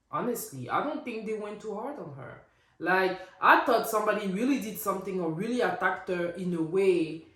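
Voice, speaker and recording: Opinionated woman vlogger in an echoey room. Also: mid-range voice. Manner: opinionated, animated, rhetorical. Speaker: recap vlogger. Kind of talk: casual reality TV recap.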